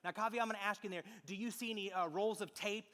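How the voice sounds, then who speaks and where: Bright-voiced man on a reverberant stage. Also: high-pitched, steady tone, quick pace. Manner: playful, teasing with a volunteer, then reflective storytelling. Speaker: magician and speaker. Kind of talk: live stage talk with magic. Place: large auditorium with audience. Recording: long hall reverb.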